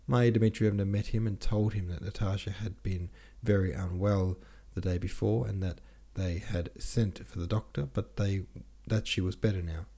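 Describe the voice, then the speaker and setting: A man narrating a classic novel aloud in a measured, steady reading. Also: sits low. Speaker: audiobook narrator.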